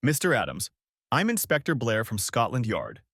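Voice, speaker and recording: A man's voice: mid-range voice, huge pitch swings, normal speed, a bit bright, slightly rough, no room sound, studio quality, exaggerated voice. A man voicing a polite, formal middle-aged male police inspector.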